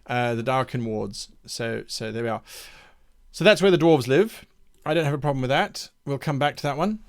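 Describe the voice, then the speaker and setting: A man running a live-streamed campaign design session as game master, reading viewers' suggestions aloud and thinking out loud, hesitating and repeating names to test them. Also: medium pitch, lively intonation, normal speed.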